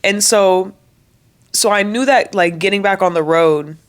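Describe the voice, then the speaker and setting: A woman's voice: medium pitch, unhurried. Emotional young woman vlogging. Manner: emotional, candid, chatty with many likes. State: voice cracking, near tears. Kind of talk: casual talk to camera.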